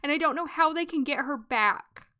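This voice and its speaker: Bright-voiced woman giving emotional game commentary. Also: high voice, normal speed. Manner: emotional, dramatic reactions, talks to viewers. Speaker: let's play host. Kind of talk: casual gameplay commentary.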